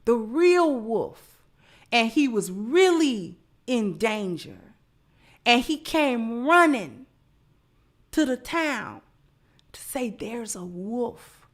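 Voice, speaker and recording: A woman's voice: a little high, very animated, extremely slow, pauses often. A woman giving livestream commentary, lecturing through repeated rhetorical questions. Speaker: online commentator.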